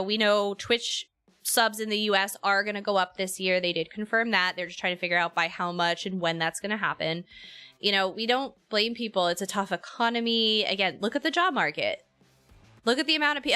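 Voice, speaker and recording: A woman's voice: medium pitch, bright, forceful tone. A woman streamer chatting casually and candidly with her audience, rambling and opinionated. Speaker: streamer and co-host. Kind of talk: casual live-stream chat.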